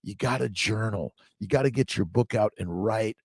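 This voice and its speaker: Gravelly upbeat man hosting a livestream. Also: lowish voice, dry recording, studio quality. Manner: upbeat, rambling, reads viewer names aloud haltingly. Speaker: host of a morning livestream. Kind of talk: casual livestream chat, greeting viewers.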